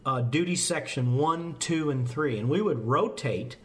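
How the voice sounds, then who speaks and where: A man's voice: medium pitch, a little slow. A man in the fire service talking through volunteer staffing on a podcast in a folksy, rambling way, with jokes at his own expense. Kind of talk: casual podcast talk.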